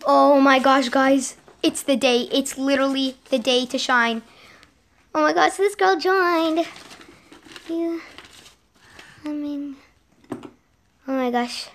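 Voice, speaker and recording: A young girl giving excited commentary while playing a game at home, often repeating exclamations. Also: sits high, takes it slowly, long pauses. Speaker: gaming vlogger. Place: home with a sibling gaming nearby.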